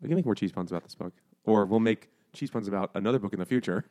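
A man's voice: fairly low pitch, racing, darkish tone. A man co-hosting a casual podcast, joking around and laughing often. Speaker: podcast co-host. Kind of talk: casual chat over beers.

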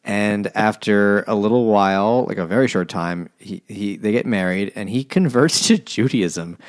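A man with a low voice recounts a story in a relaxed podcast chat. His humor is dry, and he drops wry asides. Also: moderate pace. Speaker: podcast co-host. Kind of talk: casual chat.

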